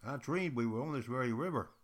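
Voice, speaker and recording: A man voicing a calm French explorer in a told story, speaking low, quiet and measured. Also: lightly acted. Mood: hushed.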